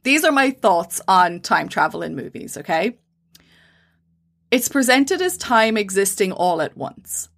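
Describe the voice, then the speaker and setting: A woman's voice: mid-range voice, very animated, measured pace, gravelly, fairly bright tone. A woman co-hosting a casual podcast, explaining science at length with fillers and restarts. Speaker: podcast co-host.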